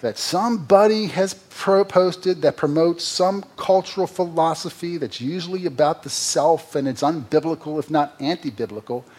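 A pastor delivers a sermon in a husky, slightly breathy voice. He is earnest and direct. He swings between emphatic, rising peaks and quiet, low confiding passages, with sarcastic asides along the way. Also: normal speed, hardly any pauses.

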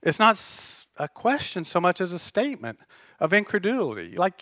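A man preaching a sermon as pastor, conversational and animated, telling stories with self-deprecating humor. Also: high voice, moderate pace, dry recording, clean studio sound.

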